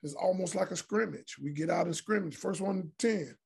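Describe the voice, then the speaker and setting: A middle-aged retired pro basketball player, appearing as a podcast guest, tells profane, blunt, animated stories in a casual interview. His voice is high and brisk with vocal fry, and a crowd can be heard in the background.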